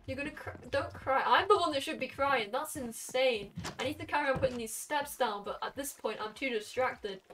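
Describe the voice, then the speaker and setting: A young woman streaming from her bedroom, chatting excitedly and gushing to her viewers. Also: high-pitched, a little fast, few pauses, faint music behind. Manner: excitable, gushing, talks to chat. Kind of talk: casual live-stream chat.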